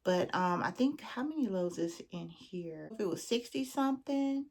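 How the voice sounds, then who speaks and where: A woman's voice: mid-range voice, expressive, moderate pace, a little mellow. Chatty Southern woman vlogger. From Southern United States. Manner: chatty, calls viewers friend and girl. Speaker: beauty vlogger. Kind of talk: casual chat.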